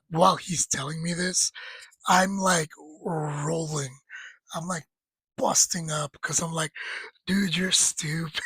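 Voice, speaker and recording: Breathy man telling a personal story. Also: on the high side, no room sound, poor audio. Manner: rambling, laughs while retelling, quotes friend in lively voices. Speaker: storyteller sharing grief.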